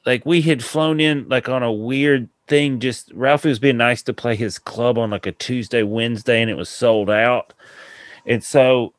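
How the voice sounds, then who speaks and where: A male podcast host, mid-range in pitch and speaking at normal speed with no room sound, gives a rambling, laugh-filled retelling of a long funny story. He animates the people in it through quoted voices in a casual storytelling chat.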